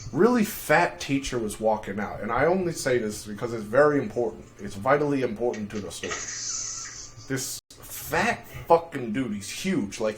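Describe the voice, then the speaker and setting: A young man chats casually on a livestream. His delivery is rambling and profane, full of crude dark humor, and a faint noise hangs behind him. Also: a little high. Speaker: livestream host.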